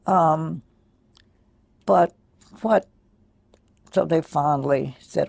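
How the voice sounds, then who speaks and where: An older woman quietly recounting a personal memory in a soft, halting way with many pauses. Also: rumbling low, gravelly, slightly rough, no echo. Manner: soft-spoken, pausing, many fillers. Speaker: interviewee. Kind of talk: personal recollection.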